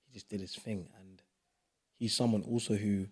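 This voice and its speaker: A young man, a podcast guest in casual, animated chat. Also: fairly low pitch, husky. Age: young adult. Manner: animated, playful, quick bursts of emphasis.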